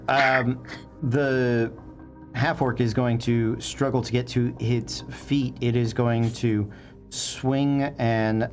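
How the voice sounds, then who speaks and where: A man narrating as game master of a tabletop game, relaxed and hesitant, with many fillers. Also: medium pitch.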